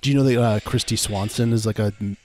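A man co-hosting a podcast, chatting casually with wry, deadpan asides. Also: fairly low pitch, quick pace, a little hiss or hum. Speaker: podcast co-host. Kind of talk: casual chat.

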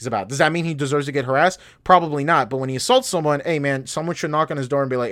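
Fast-talking blunt man on a podcast. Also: on the high side, fairly bright tone. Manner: blunt, profane, heated. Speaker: podcast co-host. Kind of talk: casual podcast chat.

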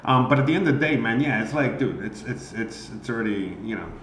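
A man's voice: medium pitch, lively intonation, fairly quick, fairly bright tone. A man, an amateur comedian streaming, ranting casually and profanely and rambling with many fillers. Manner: rambling, heavy on "you know" fillers. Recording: roomy echo, faint background noise.

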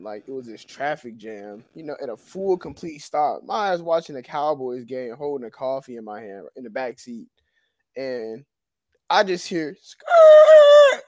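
A man's voice: mid-range voice, no echo. A young man co-hosting a casual podcast, joking and telling laughing stories. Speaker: podcast co-host.

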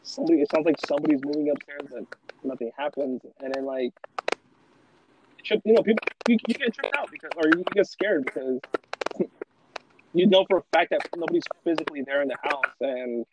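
A man talking casually, his voice sitting slightly high. He tells a long story and wanders through it with many fillers and restarts. Steady background noise runs under the recording. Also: a little fast. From Los Angeles. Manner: rambling, filler-heavy storytelling. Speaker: podcast host. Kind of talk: casual chat.

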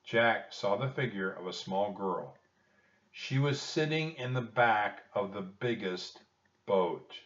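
A man reading a children's chapter book aloud with expressive storytelling. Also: fairly low pitch, slow. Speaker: audiobook reader. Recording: distant roomy dull home recording.

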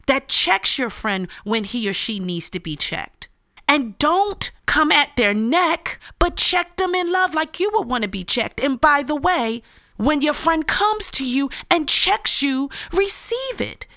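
Woman preaching slow and earnest, kinda high bright voice, slangy, repeats herself. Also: sing-song, dry recording, clean studio sound. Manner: earnest and emphatic, with casual slang and repetition. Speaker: speaker giving a devotional message. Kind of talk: motivational devotional talk.

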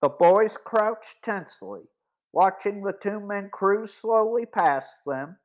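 A man narrating a boys' mystery audiobook in a measured, deliberate reading. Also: high-pitched, very animated. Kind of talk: scripted story narration. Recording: dull lo-fi recording.

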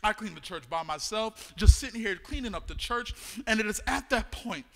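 A male pastor preaching a sermon, dropping to a hushed storytelling voice and then rising into shouted, sing-song preaching. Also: high voice, animated, moderate pace, creaky. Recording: long reverb of a large hall.

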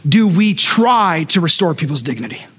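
High-pitched guy pastor preaching, animated storyteller, does little voices for the people he quotes, jokes with the church. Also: moderate pace, slightly rough. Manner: humorous asides to the congregation. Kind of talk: sermon.

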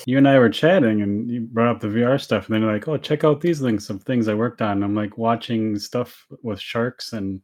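A woman interviewer with an unusually deep voice chats casually with her guest. She laughs along as she talks, with a relaxed, conversational delivery. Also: normal speed, few pauses.

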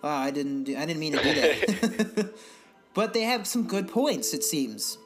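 A young man with a somewhat high voice talks in a loose, meandering way, cursing often and building into animated rants. It is an unscripted podcast chat with faint music underneath. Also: measured pace. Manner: rambling, profane, animated ranting. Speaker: podcast co-host. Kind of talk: casual chat.

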